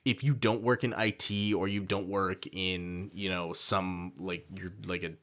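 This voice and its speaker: Man, fairly low voice, casual podcast chat, thoughtful, halting, restarts sentences. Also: little pitch movement, a bit bright. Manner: thoughtful, halting, restarts phrases while building a point. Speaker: podcast co-host.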